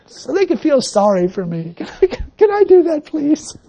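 Preacher doing a whiny, self-pitying inner voice; high, teary and pleading, lively swings in pitch. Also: male voice, normal speed, exaggerated voice. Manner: whimpering, pleading for sympathy.

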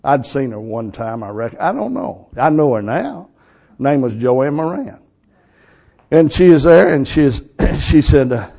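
Animated folksy male preacher. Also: fairly high pitch, moderate pace, vocal fry, long pauses. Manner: folksy storytelling, excitable, laughs often. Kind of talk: sermon. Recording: lo-fi recording.

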